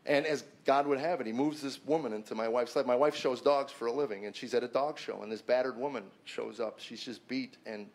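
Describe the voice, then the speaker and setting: A man's voice: mid-range voice, fairly quick, creaky, few pauses. A middle-aged man, a comedian, earnestly telling a personal story to an audience in a conversational way, often restarting and repeating words. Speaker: comedian giving a personal testimony.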